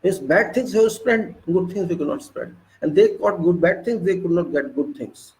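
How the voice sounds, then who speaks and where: A man's voice: sits high, moderate pace, a little mellow, rough recording. A man giving a spiritual talk, scolding his listeners with long repeated lists and pointed rhetorical questions. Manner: emphatic questions to the audience. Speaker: spiritual speaker. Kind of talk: preaching monologue.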